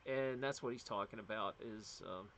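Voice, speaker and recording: A man's voice: lowish voice, normal speed, a bit bright. A middle-aged man from the United States, hosting a casual livestream and chatting in a rambling way with plenty of fillers and restarts. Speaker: livestream host.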